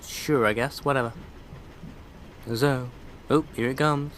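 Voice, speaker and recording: A man's voice: mid-range voice, fairly even intonation, takes it slowly, a bit bright, slight background noise. A man commenting casually on a video game he is playing, with sarcastic, irreverent asides. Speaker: let's play commentator.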